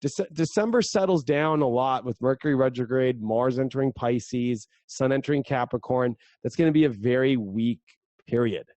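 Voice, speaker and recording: A man speaking as a guest astrologer in a casual podcast chat, energetic and rambling, now and then slipping into playful voices. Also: medium pitch, no echo.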